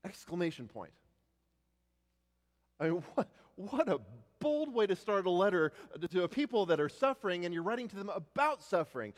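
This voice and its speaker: Preacher man in a reverberant hall. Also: sits high. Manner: stammering restarts, swings from loud declarations to hushed tones. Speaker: pastor. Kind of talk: sermon.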